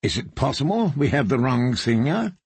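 A man's voice: mid-range voice, very animated, normal speed, breathy edge, no room sound, full character voice. A man voicing a cold, imperious queen who gives clipped commands.

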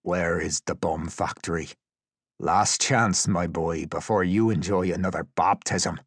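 A man voicing a cold, composed male interrogator who asks quiet, measured questions. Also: sits low, steady tone, breathy edge, no echo, studio quality, full character voice. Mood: cold calm.

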